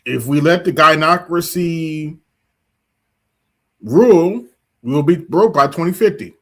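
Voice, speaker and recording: A male livestream host riffing in casual commentary. He speaks a little higher than most men and hammers his points with repetition, talking straight to his audience. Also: normal speed, bright, forceful tone. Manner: emphatic, repetitive, addresses audience directly. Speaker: streamer host.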